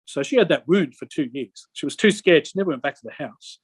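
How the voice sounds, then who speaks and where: A middle-aged man answers an interviewer and recounts his story in long rambling stretches, stalling and restarting mid-sentence. His voice sits a little high for a man. The sound is close and dry, with no room echo. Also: lively intonation, breathy edge. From Australia. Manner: rambling, halting with many restarts. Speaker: interview guest. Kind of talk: conversational personal account.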